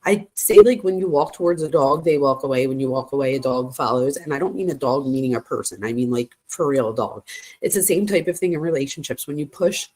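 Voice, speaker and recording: A woman's voice: extremely low pitch, lively intonation, fairly quick, darkish tone. A woman hosting a true crime channel, chatting casually with viewers and adding frequent asides as she reads through text messages. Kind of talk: casual commentary reading text messages aloud.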